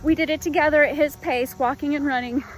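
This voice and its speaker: Soft music plays as this fifty-something fitness vlogger, still winded from running, talks heartfeltly to camera. Her high voice holds a steady tone at a fairly quick pace, and she addresses everyone as y'all in an earnest, chatty manner.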